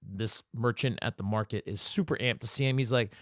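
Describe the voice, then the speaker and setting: A man's voice: fairly low pitch, brisk, dry recording, studio quality. A man hosting a podcast alone, talking casually through an episode recap, cursing often and joking as he rambles. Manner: profane, jokey, rambling commentary. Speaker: podcast host.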